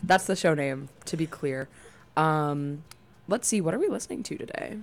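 A young woman hosting a college radio show, joking playfully in casual chat with her co-hosts. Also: deep voice. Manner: playful, lively, quick jokes.

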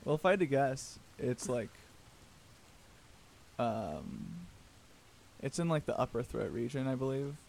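A young man co-hosting a casual chat, easygoing and hesitant, filling his pauses with ums. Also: medium pitch, expressive, vocal fry, darkish tone, a little hiss or hum. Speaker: co-host.

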